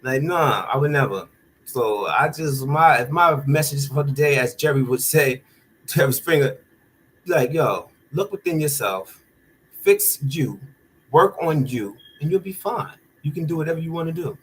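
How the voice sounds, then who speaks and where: A man's voice: medium pitch, expressive, a little slow, poor audio. A man talking straight to the camera in a candid rant, blunt, profane and heated. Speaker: vlogger.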